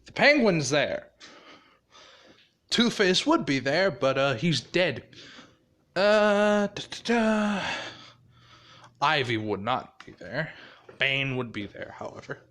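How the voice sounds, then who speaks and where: A man's voice: a little high, very animated, slow, long pauses, a bit bright. A man casually improvising a fan-fiction story, swearing freely and chuckling.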